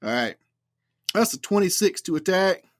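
A man's voice: sits high, big pitch swings, moderate pace, no echo, clean studio sound. Playful man at the gaming table. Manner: playful, jokey banter. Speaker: player. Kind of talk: casual tabletop play.

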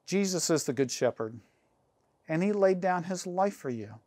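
A man preaching a sermon as pastor, earnest and measured, slowing down and pausing to stress key phrases. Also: high voice, expressive, a little mellow, dry recording.

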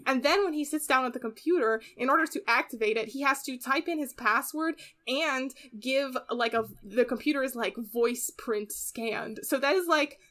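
A woman's voice: high voice, moderate pace, few pauses, fairly bright tone. A young adult woman co-hosting a podcast, chatting casually and giggling, with many "like" fillers. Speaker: podcast co-host recapping an anime episode. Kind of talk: casual chat.

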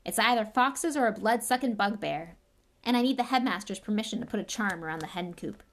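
A woman voicing a huge, gruff but caring groundskeeper man. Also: medium pitch, expressive, brisk, a bit bright. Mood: concerned.

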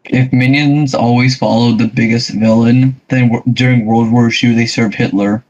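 A man's voice: mid-range voice, steady tone, moderate pace, darkish tone, dull audio. A young man co-hosting a casual podcast, blunt and teasing as he throws out questions. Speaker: podcast co-host. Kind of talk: casual chat. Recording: faint background noise.

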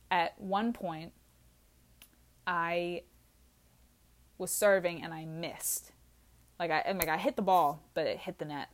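A young woman, drinking as she talks, telling an embarrassing story in a candid, animated way, with free swearing and laughter at herself. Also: lowish voice. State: drinking while talking. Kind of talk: casual storytelling.

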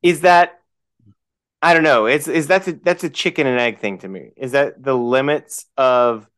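A man's voice: mid-range voice, normal speed, fairly bright tone, clean tone. A man co-hosting a podcast, chatting about a film and asking questions as he thinks aloud. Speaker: podcast co-host. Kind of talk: casual film discussion.

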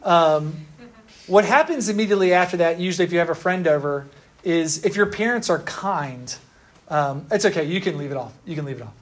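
A man's voice: high voice, lively intonation, fast. A young man giving a sermon to a room, talking casually and asking the listeners rhetorical questions. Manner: conversational, asks the audience rhetorical questions. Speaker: pastor. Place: room with an audience.

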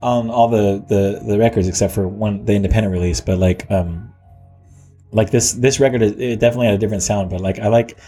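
Rambling, laid-back low-voiced man. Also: fairly even intonation, mellow, faint music behind. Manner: rambling, halting, lots of "like" and restarts. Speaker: musician guest. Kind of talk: casual chat.

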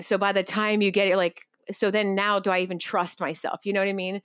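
A woman's voice: mid-range voice, fairly even intonation, moderate pace, few pauses, smooth, no room sound, studio quality. A woman co-hosting a casual podcast, talking candidly and bluntly, with some casual swearing.

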